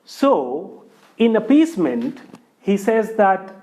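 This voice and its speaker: A man's voice: a little high, a little slow. A man telling a folk tale aloud, speaking straight to his listeners. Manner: lively, addresses the listener directly. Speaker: storyteller. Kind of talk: oral folk storytelling.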